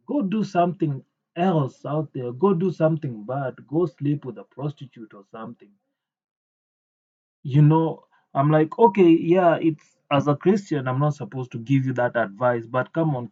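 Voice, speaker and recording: A man giving an indignant reaction commentary, halting often with fillers, on a dull lo-fi recording. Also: fairly high pitch, warm tone.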